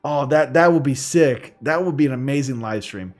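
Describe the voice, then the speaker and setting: A man's voice: mid-range voice, normal speed. A man hosting a gaming livestream, chatting casually in a rambling way, full of fillers. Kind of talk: casual chat while streaming. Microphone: studio condenser microphone.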